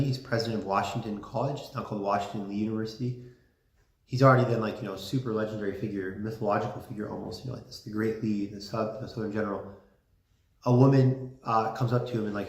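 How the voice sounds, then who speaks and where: A man giving a casual classroom lecture, chatty and full of fillers, with lively emphasis. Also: fairly low pitch. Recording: roomy classroom echo.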